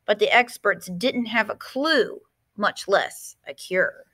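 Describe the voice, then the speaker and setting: A woman's voice: medium pitch, normal speed, a bit bright. A woman teacher reading a picture book aloud, expressively, stopping to explain words.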